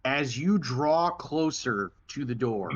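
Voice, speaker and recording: A man running a tabletop game as dungeon master, speaking at an everyday pitch. He narrates in a relaxed, halting way, often restarting a phrase. The sound is dull and lo-fi. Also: husky.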